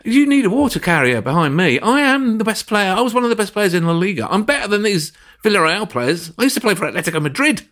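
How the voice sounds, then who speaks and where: A man's voice: high voice, big pitch swings, fast, hardly any pauses, a bit bright. A man doing a boastful, indignant star midfielder.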